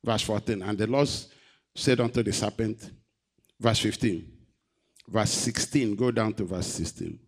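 A man preaching a sermon, reading scripture and asking the congregation questions, moving between loud, raised emphasis and quiet, low delivery. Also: a little slow, long pauses, breathy edge. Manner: asks the congregation rhetorical questions.

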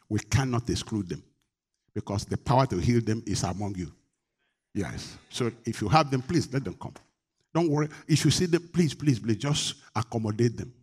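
A man preaching a sermon as pastor, emphatic, with call-and-response questions to the congregation and bursts of rising pitch and volume. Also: a little mellow, slightly rough.

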